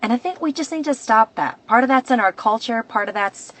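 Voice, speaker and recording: A woman's voice: fairly high pitch, animated, fairly quick, low-quality recording. A woman hosting a devotional podcast, talking in an earnest, reflective way and often restarting her sentences. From United States. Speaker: podcast host.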